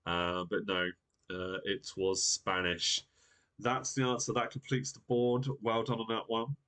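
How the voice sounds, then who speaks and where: A man with a lowish voice runs a live-streamed quiz show. He talks in a chatty, upbeat way and reads out the viewers' guesses as he goes. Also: flat delivery, a little slow, a bit bright. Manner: chatty and upbeat, reading viewer comments aloud. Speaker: quiz host.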